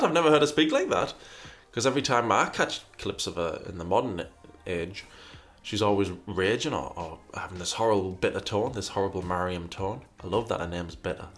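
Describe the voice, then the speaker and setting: A man's voice: low-pitched, animated, brisk, few pauses, a bit bright. A man hosting a casual commentary show, reading out viewer questions and answering them in a rambling, wry way with lots of restarts. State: burpy after breakfast.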